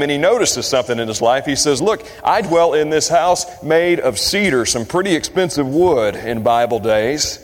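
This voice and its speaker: A man from Kentucky preaching a sermon, shifting his pace and pitch for emphasis as he quotes scripture. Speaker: pastor. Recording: long hall reverb.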